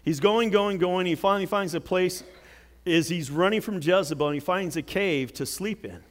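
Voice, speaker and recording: A man preaching a sermon, telling a Bible story with dramatic swings from loud outbursts to hushed words. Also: fairly high pitch, moderate pace. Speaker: pastor.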